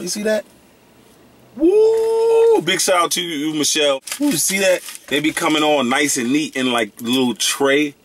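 A young man casually reviewing snacks in a vlog, excitable and slangy, breaking into loud whoops. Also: on the high side, slight background noise.

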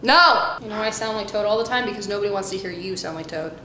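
A woman's voice: medium pitch, quick pace, roomy sound, loud music behind the voice. A woman singer recording a song in a studio, cracking crude jokes between takes. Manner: playful, crude joking between sung takes. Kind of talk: studio recording session banter and singing.

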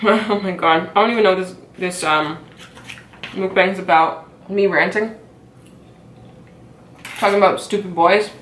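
A woman's voice: lowish voice, unhurried, pauses often, a bit bright, a little hiss or hum. A young woman vlogging a casual mukbang, ranting in a chatty, exasperated way full of fillers while eating and chewing at her table at home. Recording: echoey room.

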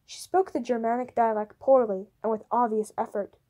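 Female audiobook narrator, steady and even, slightly high voice. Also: normal speed. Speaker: audiobook reader. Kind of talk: storybook narration.

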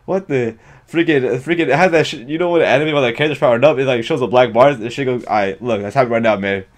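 A man talks over a show as he watches it live, in a mid-range voice. His commentary is excitable and full of slang and profanity, with constant outbursts of surprise. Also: medium pitch, rapid-fire. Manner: excitable, slangy, swears often, frequent exclamations. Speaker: reaction video host.

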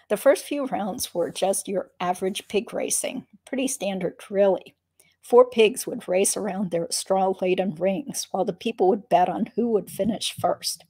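A woman's voice: medium pitch, mellow, breathy edge. A woman reading a memoir aloud, breaking off for dry, wry asides between passages. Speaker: reader of a memoir.

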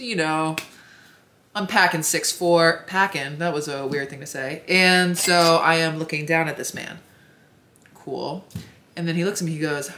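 A young woman telling a story to camera in a casual, chatty way, with lots of fillers and animated asides. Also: deep voice, slight background noise. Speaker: vlogger.

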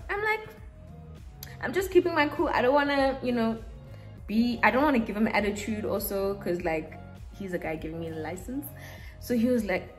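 A young woman from Africa, chatting casually through a makeup routine and telling a story, animated and acting out what people said. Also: a little high, moderate pace, soft background music. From South Africa. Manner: chatty and animated, acts out quotes. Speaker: beauty vlogger.

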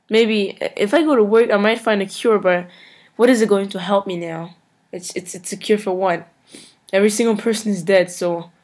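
A young woman commenting on a video game she is playing, chatty and swinging between loud outbursts and low mumbles. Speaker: let's play gamer. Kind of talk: let's play commentary. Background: faint game music.

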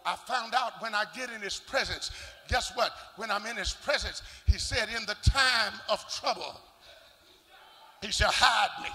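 An older man, a bishop, preaching a sermon with shouting, rhythmic sing-song delivery and call-and-response. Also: sits high, unhurried. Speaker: bishop and pastor. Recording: long church reverb.

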